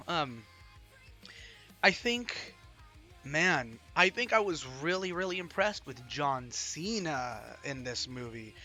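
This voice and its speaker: A man giving a casual, excitable film review, rambling with frequent ums and repeating himself. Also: fairly high pitch. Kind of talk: casual livestream movie review.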